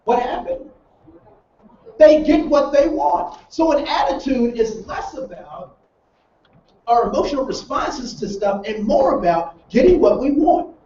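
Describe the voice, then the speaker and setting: A man with a high voice leads a training session in a roomy space. He talks like a storyteller and keeps putting rhetorical questions to his listeners. He sits back from the mic, and the sound is dull with faint noise underneath. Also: very animated, unhurried, warm tone, far from the mic. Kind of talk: training seminar talk.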